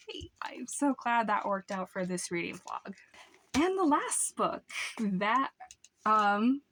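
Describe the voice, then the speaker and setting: A woman's voice: medium pitch, a little hiss or hum. A young woman casually reviewing books in a rambling way, full of "like" and "um.". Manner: rambling, lots of "like" and "um" fillers. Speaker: book vlogger.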